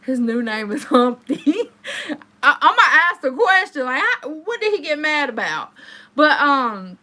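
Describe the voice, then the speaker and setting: Woman in her thirties, live-stream host, bright and somewhat high voice, chatty storyteller talking straight to her viewers. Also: measured pace. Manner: animated, chatty, addresses viewers directly.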